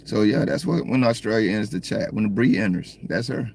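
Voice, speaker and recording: Southern guy on a livestream from his car, gravelly voice, laid-back and joking. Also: fairly low pitch, brisk, darkish tone. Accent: Southern American. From American South. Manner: laid-back, joking, talks straight to viewers. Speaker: livestream host. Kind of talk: casual livestream chat reading comments. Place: parked car.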